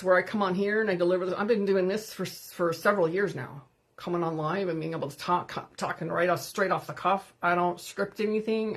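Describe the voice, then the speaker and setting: Candid woman hosting a livestream. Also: on the low side. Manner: candid, conversational, greets viewers by name. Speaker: livestream host. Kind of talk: unscripted live talk.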